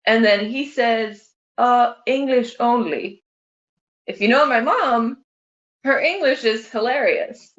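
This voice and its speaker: A woman's voice: fairly high pitch, slow pace. A woman casually telling funny family anecdotes to her mother and laughing often. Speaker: family member sharing memories. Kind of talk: casual storytelling. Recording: echoey room, dull sound.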